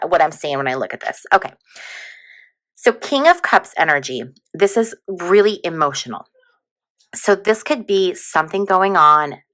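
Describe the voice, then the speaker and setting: A woman's voice: lowish voice, pushed and bright. A woman giving a casual, chatty tarot reading on video, full of fillers and prone to giggling. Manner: chatty, giggly, lots of fillers like "like" and "you know". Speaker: tarot reader.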